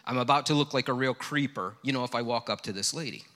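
A middle-aged male pastor delivers his sermon like a conversation, slipping into self-deprecating stories. His voice is bright and forceful, and it rings with the long reverb of a church hall. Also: medium pitch, fast talker. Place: church sanctuary.

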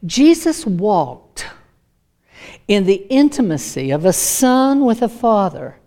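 A woman's voice: medium pitch, very animated, slow pace, warm tone. A woman preaching a sermon, emphatic and repeating her key lines.

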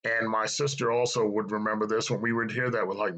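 A man's voice: fairly low pitch, little pitch movement, brisk, few pauses, fairly bright tone, rough recording. A middle-aged man giving an earnest, reflective personal testimony and repeating phrases for emphasis. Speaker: speaker sharing his life story.

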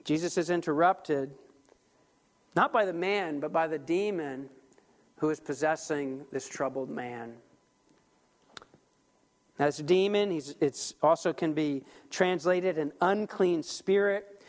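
A man preaching a sermon as pastor, talking in an animated, emphatic way with frequent restarts. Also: on the high side, takes it slowly, pauses often.

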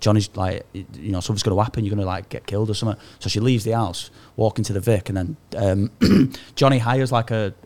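A man's voice: on the low side, quick pace, hardly any pauses, a little mellow. A man in his thirties, telling a story in casual, sweary podcast banter. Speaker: podcast co-host.

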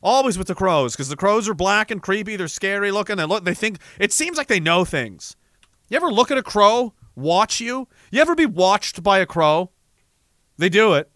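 A young man rambling comedically to a live audience in a profane, animated way, reading viewer messages and breaking into sudden shouts. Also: sits high, moderate pace, no echo, clean studio sound. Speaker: live streamer.

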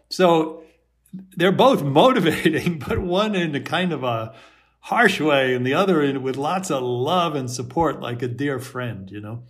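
A man on a video call, talking gently and thoughtfully, with soft laughs and short acted-out inner voices. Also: on the high side, lively intonation, a little slow. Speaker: host and self-compassion teacher.

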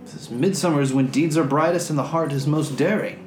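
An old man telling myths by a campfire, as a man puts him on, slow and hushed as he weighs his words. The room rings a little, and faint music drifts under him. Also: fairly high pitch, close to an everyday voice. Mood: surprised, grand. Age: older. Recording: roomy sound with faint music.

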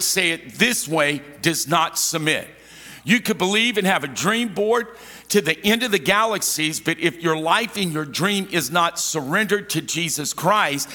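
A man's voice: on the high side, bright, forceful tone, long reverb tail. A male pastor preaching a sermon, emphatic and repetitive, often asking the congregation to respond. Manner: emphatic, repeats key phrases, asks congregation to respond.

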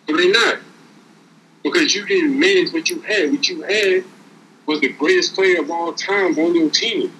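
A man talks in a casual, preachy, streetwise way, stacking repeated words as he drives home a lesson. His voice sits a bit high and rings bright and forward. A faint hiss runs underneath. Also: moderate pace, low-quality recording. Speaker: podcast co-host. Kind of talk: casual motivational talk.

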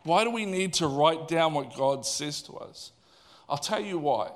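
High-voiced male preacher. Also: a little slow. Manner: animated, conversational, asks the audience questions. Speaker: pastor. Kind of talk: sermon.

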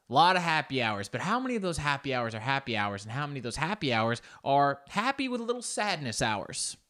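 A male comedian talks alone into his podcast mic at home, in a loose, rambling monologue. He mocks himself, swears freely and jumps up high in pitch whenever he wants to make a point. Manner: rambling, joking and self-mocking, with frequent swearing; animated, with sudden jumps up in pitch for emphasis. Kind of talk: casual solo podcast monologue.

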